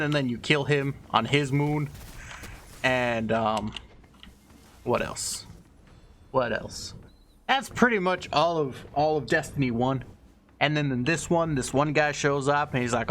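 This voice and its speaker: A man's voice: mid-range voice, steady tone, normal speed, fairly bright tone, a little hiss or hum. Irreverent young man rambling casually. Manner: loose, irreverent, swears freely, many fillers. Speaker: video host.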